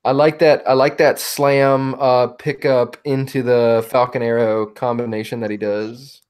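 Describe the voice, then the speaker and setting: A man's voice: mid-range voice, level tone, measured pace, darkish tone, clean tone. A man co-hosting a podcast, joking along in casual chat and often restarting his sentences. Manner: joking, with frequent restarts and hedging. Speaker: podcast co-host. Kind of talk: casual chat about wrestling.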